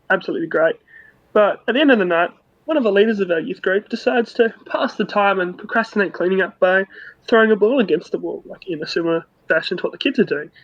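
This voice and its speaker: An Australian man with a high-pitched, slightly bright voice sends in a listener voice note telling a cheeky, laid-back story. He sounds casual, and the dull, lo-fi recording has no echo.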